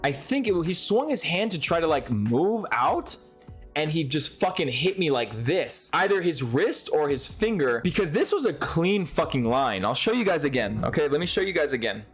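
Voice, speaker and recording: A young man talks straight into his camera, telling a story in a loose, swear-laden rush. His voice swoops up and down with lively energy. Faint music plays quietly underneath. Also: fairly high pitch, moderate pace, husky. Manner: profane, excitable, lively storytelling. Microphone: speaking to a camera.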